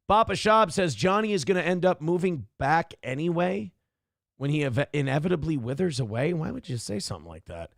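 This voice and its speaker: A man hosting a livestream show, giving loud, mocking commentary on news clips and reading from the chat. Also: a little high, gravelly, no room sound, studio quality. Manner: loud, mocking, swings into shouted impressions. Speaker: show host.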